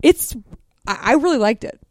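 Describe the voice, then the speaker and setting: A woman's voice: mid-range voice, fairly quick, a little mellow, dry recording, clean studio sound. A woman co-hosting a podcast, wearing braces, joking crudely and going off on tangents. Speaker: podcast co-host. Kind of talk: casual chat.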